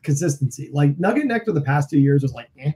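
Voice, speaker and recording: A man with a slightly high voice talks beer in casual podcast chat. He is blunt and critical, picking apart prices and consistency. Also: expressive, fast talker, warm tone. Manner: opinionated, critical beer talk. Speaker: podcast co-host.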